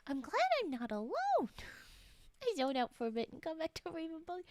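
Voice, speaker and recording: A woman live-streaming and chatting casually with her viewers, playfully teasing, talking softly, often murmuring or whispering, and sleepy. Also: high-pitched, big pitch swings, normal speed. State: sleepy, yawning. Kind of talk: casual live-stream chat while folding origami.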